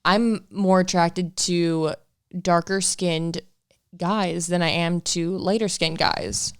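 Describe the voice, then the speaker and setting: A woman's voice: lowish voice, steady tone, takes it slowly, clean tone, no room sound, clean studio sound. A young woman in her twenties co-hosting a casual couple podcast, talking frankly and laughing often. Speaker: podcast co-host.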